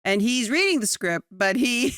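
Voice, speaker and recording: A woman co-hosting a podcast, chatting casually about a sitcom episode, animated and laughing often. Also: moderate pace, smooth, dry recording, studio quality. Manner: animated, laughs often, jumps to high excited pitch. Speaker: podcast co-host.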